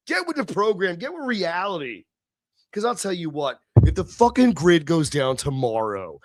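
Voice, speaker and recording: A tipsy man hosting a live stream, ranting and swearing, swinging between low mutters and shouted outbursts. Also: sing-song, moderate pace, no room sound, studio quality. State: tipsy from beer. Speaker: livestream host. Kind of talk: profane live-stream rant.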